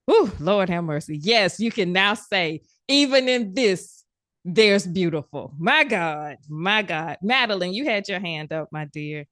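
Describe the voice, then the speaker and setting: A woman's voice: lowish voice, animated, a little slow, hardly any pauses, fairly bright tone, no room sound, studio quality. A woman coaching a community group online, talking in an emphatic, affirming way. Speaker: coach leading a community session. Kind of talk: supportive group coaching talk.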